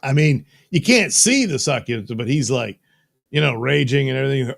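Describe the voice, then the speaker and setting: A man's voice: medium pitch, lively intonation, moderate pace, vocal fry, no echo, clean studio sound. A man hosting a live show in a casual, joking way, reading viewer comments aloud and tossing in silly voices. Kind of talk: casual live-stream chat. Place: studio.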